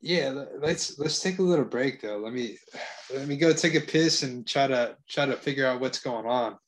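A man's voice: mid-range voice, moderate pace. A man co-hosting a podcast, laid-back and casual, urging his friend to keep talking. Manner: laid-back, eggs the other host on. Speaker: podcast co-host. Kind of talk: casual chat.

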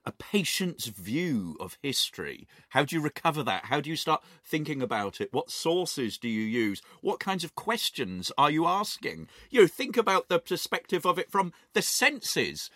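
Lively, animated man, a history professor. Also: on the high side, moderate pace, few pauses, no room sound, clean studio sound. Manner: animated, playful, lively storytelling. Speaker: history professor and podcast co-host. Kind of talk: enthusiastic conversational podcast talk. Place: home study or shed, recording remotely.

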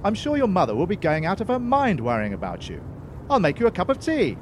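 A man's voice: sits high, huge pitch swings, quick pace, noisy background. Fussy, sarcastic man. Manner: prim, sarcastic, muttering to himself. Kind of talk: comedy audio drama.

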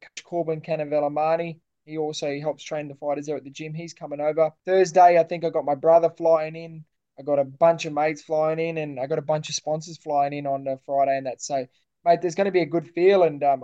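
A man's voice: a little high, lo-fi sound. An Australian man, a boxer, talking casually and confidently in an interview, calling his host mate. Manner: relaxed, matey, confident.

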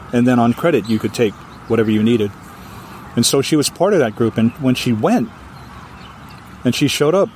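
A male storyteller from Hawaii tells a ghost tale in a lively, dramatic way. His pitch sits mid-range for a man. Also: slight background noise. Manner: vivid, animated telling with acted voices. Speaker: storyteller guest.

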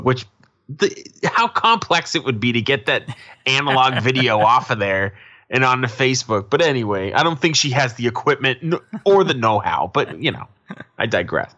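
Bright-voiced rambling podcast man. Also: mid-range voice, expressive, normal speed, muffled recording. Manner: rambling, digressive, laughs often. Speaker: podcast co-host. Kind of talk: casual chat recapping a TV episode.

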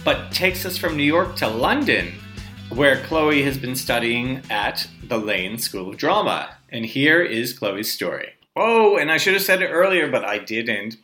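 Lively male host over guitar music. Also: mid-range voice, measured pace. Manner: lively, theatrical, anecdotal. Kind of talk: hosting a storytelling show. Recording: music playing under the voice.

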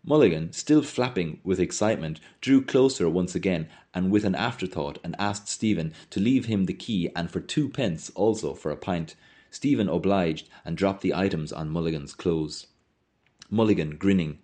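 Deep-voiced man reading a novel aloud. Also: moderate pace. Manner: expressive storytelling. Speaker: reader.

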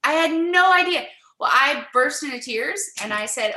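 A middle-aged woman, a guest in an interview, telling a personal faith story in an animated way and acting out the quoted dialogue. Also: high voice, moderate pace, roomy sound, low-quality recording.

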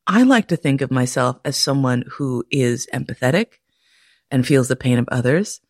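A woman hosting a podcast, telling candid personal stories in a profane, animated way and laughing often. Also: rumbling low, normal speed, no echo, clean studio sound. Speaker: podcast host. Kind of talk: candid personal storytelling monologue.

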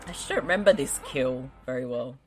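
A woman's voice: a bass voice, lively intonation, brisk, a little mellow, faint music behind. A woman co-hosting a podcast, chatting wryly and laughing through casual movie commentary. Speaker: podcast co-host.

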